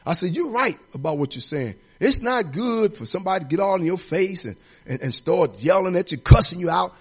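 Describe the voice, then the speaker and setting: A middle-aged man preaching a sermon, his husky voice riding a high, animated line. He climbs into ringing declarations, then falls back to a low, confiding storytelling tone. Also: a little fast. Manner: preaching with rising declarations and dropping to quiet storytelling. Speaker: assistant pastor.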